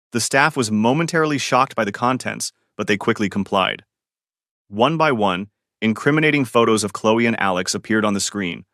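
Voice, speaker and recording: Calm man narrating a story. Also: lowish voice, no echo, clean studio sound. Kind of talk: scripted first-person story narration.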